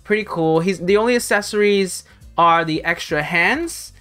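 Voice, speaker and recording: A woman's voice: lowish voice, normal speed, a bit bright. A woman hosting a hobby channel, talking through an unboxing in a casual, rambling way with lots of fillers. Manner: rambling, chatty, many fillers.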